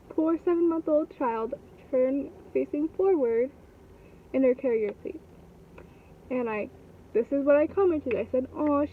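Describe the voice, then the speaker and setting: A woman's voice: a little high, slight background noise. A young woman and new mother telling a rambling, indignant storytime vlog full of fillers and swearing. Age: young adult. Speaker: vlogger. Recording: tinny phone-like sound, slightly distant.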